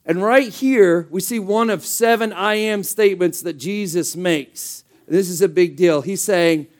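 A pastor preaching a sermon in a conversational, emphatic way, full of rhetorical questions. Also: male voice, high-pitched, a little slow.

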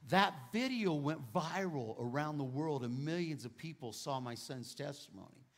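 A middle-aged male pastor preaching a testimony, moving between hushed quoted prayers and loud exclamations. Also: on the high side, animated, moderate pace. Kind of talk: sermon testimony.

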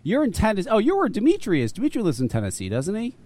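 A man hosting a talk radio show, his voice sitting a bit high and swinging widely in pitch as he tells stories. He swears freely and laughs often, the loose manner of a chat between friends. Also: rapid-fire. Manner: animated storyteller, swears a lot, laughs often. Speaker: host.

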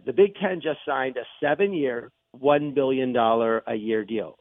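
A man hosting sports radio talk, excitable and rambling as he makes his points. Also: medium pitch, creaky, dry recording. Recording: tinny phone-like broadcast audio.

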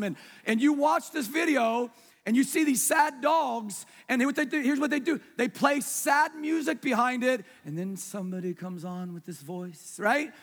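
A man preaching with a strikingly high, husky voice. He talks to his congregation like a conversation, asking them questions and dropping to a near hush to make a point. His voice rings with the long reverb of a big church hall. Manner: conversational preaching, asks the congregation questions, drops soft for emphasis. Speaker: pastor. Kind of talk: sermon.

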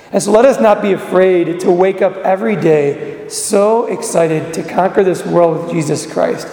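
High, gravelly preacher in an echoey church. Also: male voice, normal speed. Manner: earnest, exhortative, with sudden drops to a hush. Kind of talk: sermon. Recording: echoey church with long reverb.

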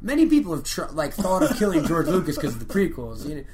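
A young man in casual chat, excitable and swearing, jumping into high animated retellings. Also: fast talker, a little hiss or hum. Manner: excitable, swearing, retells comedy bits with big pitch jumps.

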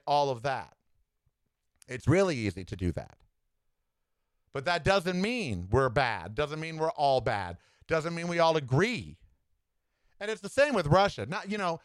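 A man hosting a solo podcast, giving sassy, animated political commentary with campy asides. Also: fairly high pitch, smooth, no room sound. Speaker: podcast host.

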